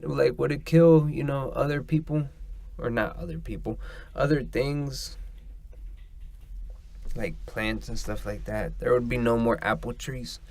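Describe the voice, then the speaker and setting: A man's voice: medium pitch, creaky, a little mellow. A man hosting a casual solo podcast, rambling and swearing as he drifts between thoughts. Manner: rambling, profane, meandering. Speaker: podcast host.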